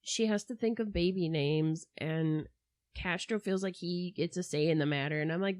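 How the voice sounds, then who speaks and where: A woman co-hosting a casual true-crime podcast, talking in an animated way with mocking asides about the people in the case. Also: lowish voice, normal speed, dry recording. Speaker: podcast co-host.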